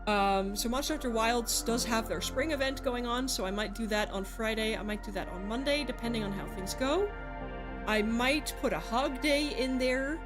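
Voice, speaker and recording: A woman's voice: fairly high pitch, normal speed, music in the background. A woman streaming a game, talking casually to her chat, frustrated and swearing, rambling with restarts.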